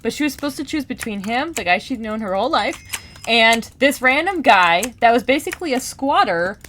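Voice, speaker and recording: A woman vlogger in casual chat, rambling and animated, with many fillers and restarts while she plays a game. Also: on the high side, brisk, a little hiss or hum. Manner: gaming while talking. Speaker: book vlogger.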